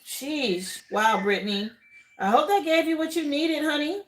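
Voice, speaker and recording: A woman's voice: sits high, lively intonation, measured pace, roomy sound. A woman who grew up in Miami, doing a live tarot reading in a casual, drawling way, often asking "okay?". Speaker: tarot reader.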